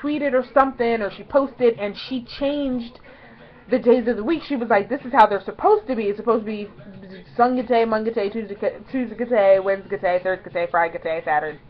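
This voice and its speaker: A young woman vlogger telling a story in a casual, chatty way, excitedly acting out quotes in higher voices. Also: moderate pace, lo-fi sound.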